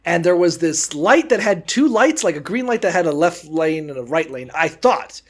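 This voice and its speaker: A man's voice: a little high, expressive, normal speed. A young man co-hosting a podcast, telling crude, funny stories in casual chat and laughing often. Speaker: podcast co-host.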